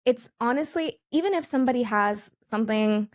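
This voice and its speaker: A woman's voice: a little high, fairly quick. A woman hosting a podcast interview, affirming her guest and leaning on filler words like "you know". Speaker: podcast host. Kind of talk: interviewing conversationally.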